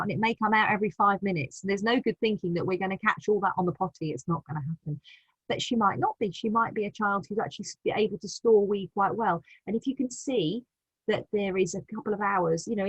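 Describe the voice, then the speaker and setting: A British woman patiently explaining practical advice in a live online session, with frequent restarts and a gentle manner. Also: medium pitch, breathy edge, no room sound, rough recording. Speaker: continence advisor.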